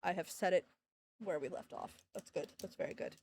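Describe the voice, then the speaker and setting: A woman's voice: fairly low pitch, brisk, darkish tone. A woman streamer chatting casually with her audience, rambling and joking and talking to her dogs between thoughts. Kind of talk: casual live-stream chat.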